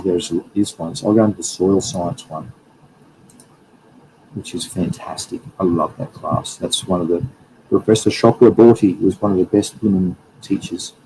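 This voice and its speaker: On a rough recording with slight background noise, a livestream host who works as a plant scientist talks loosely through his slides. His low-pitched voice is mellow, and he rambles chattily and keeps correcting himself.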